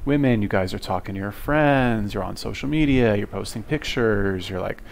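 A man's voice: fairly low pitch, normal speed, gravelly, a little hiss or hum. A man giving casual reaction commentary on a video, blunt, profane and exasperated, lecturing his viewers.

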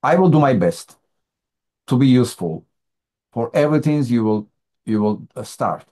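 A podcast host with an Armenian accent who interprets for his guest, speaking haltingly with many fillers and restarts. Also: mid-range voice, animated, dark tone. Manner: halting, many fillers, slips between words.

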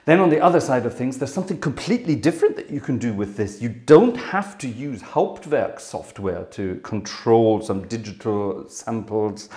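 A man's voice: mid-range voice, darkish tone. British guy chatting on his organ channel, kinda out of breath, lots of um and yes, rambly. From Britain. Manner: chatty and rambling, full of ums and yeses. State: a bit out of breath. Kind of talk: casual video update. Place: music room.

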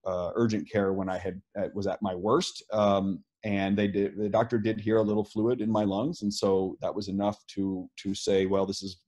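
A man's voice: lowish voice, darkish tone. A man, speaking as an interviewed scientist, explaining earnestly with many fillers and restarts. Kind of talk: video call interview.

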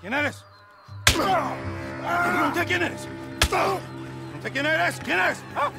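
A shouting, high-pitched bandit interrogator. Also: male voice, slow, vocal fry, heavily acted. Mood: menacing. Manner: shouting, repeating demands. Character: menacing male bandit interrogator. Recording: game audio over loud music.

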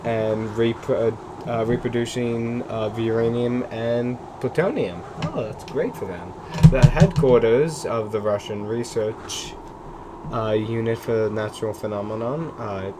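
A man's voice: mid-range voice, noisy background. Jittery man muttering over a game. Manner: jittery, nervous muttering and exclaiming. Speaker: let's play gamer. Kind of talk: gaming commentary.

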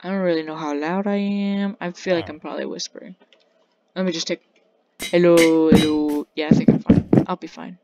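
A woman's voice: on the low side, steady tone, moderate pace. A woman giving casual gameplay commentary, playfully trash-talking the characters in her game. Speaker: gaming channel host. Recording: loud background noise.

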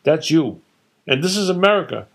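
A man's voice: mid-range voice, animated, normal speed. A man voicing a blustering, combative older father who rants emphatically and scornfully, in a story he reads aloud. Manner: loud, emphatic, scornful ranting. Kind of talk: storytelling reading with character voices.

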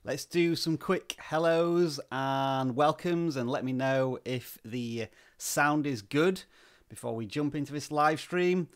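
A man hosting a live stream, greeting viewers by name and talking at a slow, relaxed, deliberate pace with plenty of "uh" fillers, into a desk microphone. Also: on the high side, clear, resonant tone. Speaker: livestream host. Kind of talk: live-stream chat, reading out viewer names.

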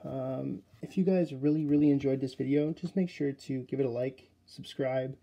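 A man hosting a casual card-opening video, chatty and excitable as he talks straight to his viewers. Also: medium pitch, normal speed, vocal fry, few pauses, highs cut off. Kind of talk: casual unboxing commentary.

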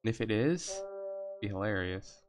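A man's voice: fairly low pitch, big pitch swings, normal speed. A young man giving joking, rambling let's play commentary into a desk mic. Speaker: gaming commentator. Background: game music.

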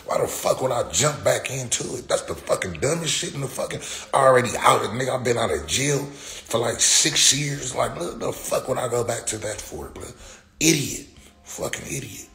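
A man's voice: medium pitch, moderate pace, vocal fry, fairly bright tone. A man in his forties ranting profanely on a livestream, talking back to comments from his chat. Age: 40s. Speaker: livestream host. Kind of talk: casual livestream rant. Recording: echoey room with faint ambient noise.

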